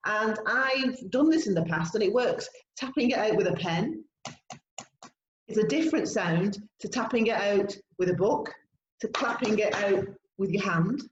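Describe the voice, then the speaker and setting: A woman co-hosting a podcast, explaining classroom teaching ideas in a steady, encouraging way. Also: medium pitch, normal speed. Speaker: podcast co-host, language teacher. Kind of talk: casual podcast discussion. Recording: echoey room, dull sound, faint noise.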